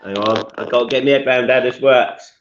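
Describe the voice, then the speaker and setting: A man's voice: medium pitch, steady tone, brisk, highs cut off, background noise. A man from Scotland calling in to a casual live stream, laid-back and giving brief replies. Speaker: caller. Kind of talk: casual chat.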